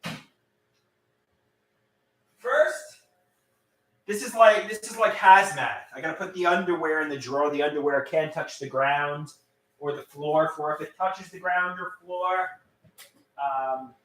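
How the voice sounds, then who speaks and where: A man's voice: fairly high pitch, a little slow, long pauses, fairly bright tone, a little hiss or hum. A man chatting casually on a live stream from home, rambling with lots of stammered restarts. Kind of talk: casual livestream chat. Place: at home, doing laundry. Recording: roomy, from a distance.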